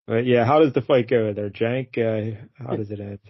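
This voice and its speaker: Man, casual comic review chat, relaxed, laughs a lot, dry lo-fi sound. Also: medium pitch, measured pace, dry recording. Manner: laid-back, laughs often, recaps the story. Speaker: podcast co-host.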